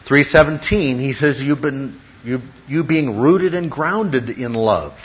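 A man's voice: mid-range voice, breathy edge. A man preaching an expository sermon as a pastor, teacherly, often checking in with rhetorical questions. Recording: dull lo-fi sound.

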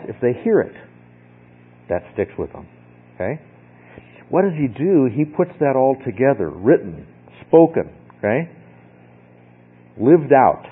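A man's voice: mid-range voice, slightly rough. A man teaching a Bible lesson in a conversational way, often checking in with "okay?". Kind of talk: sermon. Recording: tinny phone-like sound.

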